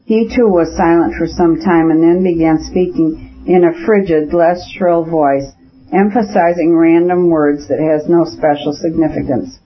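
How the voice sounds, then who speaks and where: A man narrating a classic novel in measured, even storytelling. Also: a little high. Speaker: audiobook narrator. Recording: dull lo-fi audiobook recording.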